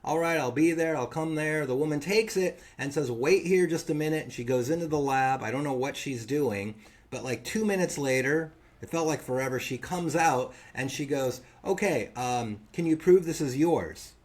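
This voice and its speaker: A man's voice: on the high side, moderate pace. A man co-hosting a podcast, telling a funny story in casual chat and acting out the other people's lines. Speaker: podcast co-host.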